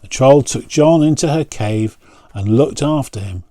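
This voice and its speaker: A pastor reads a picture book aloud at a slow, gentle pace, stopping to point out the pictures. His voice is mellow and warm, and the sound is dry and close. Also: mid-range voice, dry recording.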